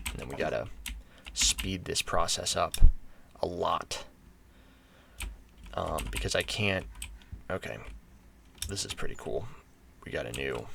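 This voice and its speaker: Low gravelly American man, casual gameplay commentary, rambling with lots of ums and restarts. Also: pushed and bright, a little hiss or hum. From United States. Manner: rambling, thinking aloud with many fillers and restarts. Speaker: gaming channel host.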